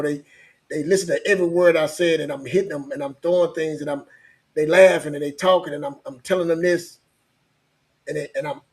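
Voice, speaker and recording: A man telling a personal story in casual podcast chat, rambling and repeating himself, with frequent laughs. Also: on the high side.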